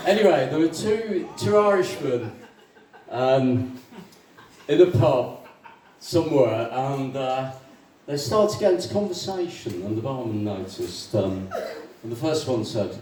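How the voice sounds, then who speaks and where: A man's voice: medium pitch, lively intonation, a little mellow. Rambling stand-up man, echoey club. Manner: halting, full of ums, laughs at own jokes. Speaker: open mic stand-up comedian. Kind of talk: rambling stand-up joke telling. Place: small comedy club stage. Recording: echoey club room, distant mic, faint noise.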